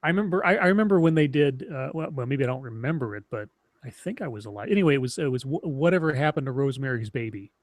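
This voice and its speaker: A man in his thirties chatting casually on a stream, telling rambling, animated stories with many restarts. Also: medium pitch, fast, no echo. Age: 30s. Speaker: streamer co-host. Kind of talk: casual chat.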